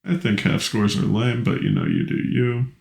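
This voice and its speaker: A man's voice: on the low side, wildly swooping pitch, moderate pace, vocal fry, a little mellow, echoey room. A young man co-hosting a podcast, easygoing and swearing casually as he chats. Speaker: podcast co-host. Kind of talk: casual chat.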